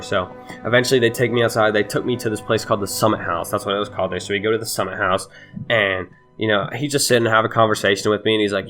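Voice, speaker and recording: A man's voice: lowish voice, fairly even intonation, racing, fairly bright tone, faint music behind. A young man telling a heated storytime with lots of swearing and laughter. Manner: profane, laughing, heated retelling. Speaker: vlogger. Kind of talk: casual storytime.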